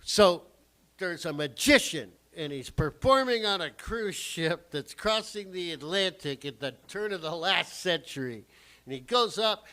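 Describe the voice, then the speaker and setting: High-voiced rambling profane male comic. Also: expressive, measured pace, sharp tone. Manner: rambling, profane, loses track and restarts. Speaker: comedian. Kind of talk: live stand-up joke telling. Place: small cafe lounge stage.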